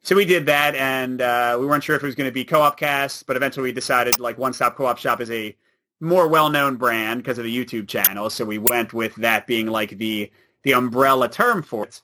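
Bright-voiced chatty man. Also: mid-range voice, fairly quick, slight background noise. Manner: chatty and animated, laughs often. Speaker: podcast guest. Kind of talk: casual chat.

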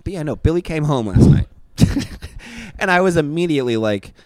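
A young man co-hosting a comedy podcast, telling stories in a lively, animated way and breaking into laughs often. His voice sits a bit high and swings widely in pitch. The sound is dry and close, with no room echo. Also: fairly quick. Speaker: podcast co-host. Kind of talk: casual comedy podcast banter.

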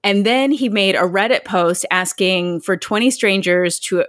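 A woman's voice: mid-range voice, measured pace, no echo. Young woman chatting on a podcast, dry sound. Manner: animated storytelling with laughs and quoted voices. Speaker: podcast co-host. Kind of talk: casual chat, retelling a news story.

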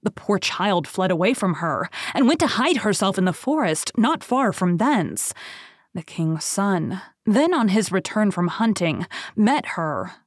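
A woman hosts a podcast and reads an old fairy tale aloud. Her storytelling is clear and steady, at a middling pitch. The recording is dry and close. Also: unhurried, no echo. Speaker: podcast host.

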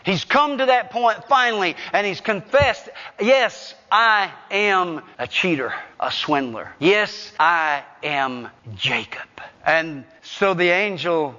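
A male preacher delivering a dramatic sermon in a church hall. He swings from loud to hushed and keeps asking the congregation questions. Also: high voice. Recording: echoey hall, dull lo-fi sound.

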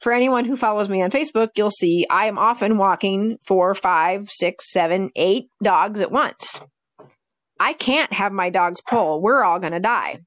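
Woman, dog trainer, casual podcast chat, lively storytelling, mid-range pitch. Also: measured pace. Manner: lively storytelling, acting out her dogs' reactions.

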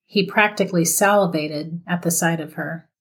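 A woman narrating a scripted horror story in a steady, measured reading voice. Her voice sits on the low side for a woman, and she reads at a deliberate, even pace. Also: breathy edge.

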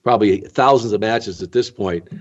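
A man's voice: lowish voice, normal speed. A man hosting an interview in a casual, joking way. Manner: easygoing, chuckling, jokey. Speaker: podcast host. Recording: dull lo-fi sound.

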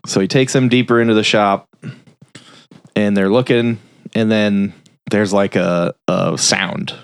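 A man's voice: on the low side, steady tone, measured pace, creaky, clear, resonant tone, dry recording. A man casually retelling a film's plot on a review podcast, rambling and swearing with many fillers. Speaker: film review podcast host. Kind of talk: casual chat.

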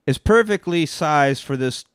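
A man with a slightly high-pitched voice recaps a film plot in loose, profane podcast chat, now and then jumping into quick voices for the characters. The sound is dry and close, with no room echo. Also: animated, fairly bright tone, clear, resonant tone. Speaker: podcast co-host. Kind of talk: casual movie recap chat.

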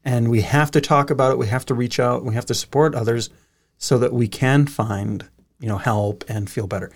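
A man's voice: medium pitch, fairly even intonation, moderate pace. A man hosting a podcast, talking in a casual, earnest and reflective way. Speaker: podcast host. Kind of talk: casual conversation.

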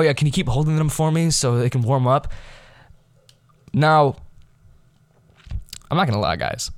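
A man's voice: mid-range voice, no room sound. Teen male podcast host, rambling and self-deprecating storyteller, medium voice, dead-dry recording. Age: teens. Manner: rambling, self-deprecating, many fillers and restarts. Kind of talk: casual storytelling monologue.

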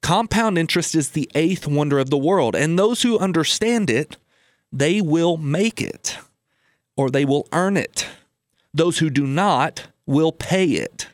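A man's voice: on the high side, dry recording, studio quality. A man hosting a personal finance radio show, telling a folksy family story and repeating key lines for emphasis. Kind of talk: casual radio talk about personal finance. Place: radio studio.

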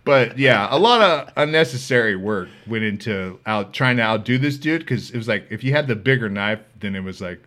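A man hosting a podcast, telling comedic stories in a loud, profane, laughing way. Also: fairly low pitch, animated, a little fast, few pauses. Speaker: podcast host. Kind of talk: comedic storytelling.

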